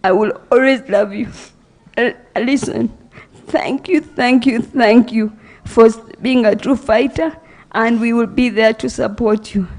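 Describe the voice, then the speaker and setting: A grieving woman giving a halting, emotional eulogy for her brother. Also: fairly high pitch, fairly even intonation, darkish tone. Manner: emotional, halting, voice breaking at times. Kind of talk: funeral eulogy.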